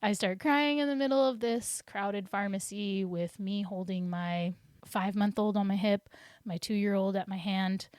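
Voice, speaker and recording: A woman's voice: mid-range voice, measured pace, a little mellow, smooth, no echo, studio quality. A young adult woman telling a personal story on her podcast in a rambling, chatty way with many restarts. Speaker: podcast host.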